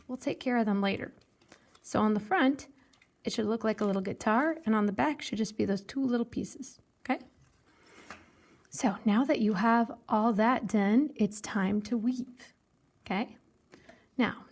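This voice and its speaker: A woman art teacher giving a patient step-by-step craft lesson for children, counting aloud slowly and explaining with a simple story. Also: fairly high pitch, darkish tone.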